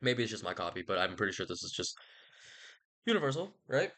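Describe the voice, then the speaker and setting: A man's voice: fairly low pitch, sing-song, fairly quick, bright, forceful tone. A man giving a casual, rambling book recap in a loose, slangy, profane way, full of jokey asides. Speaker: book vlogger.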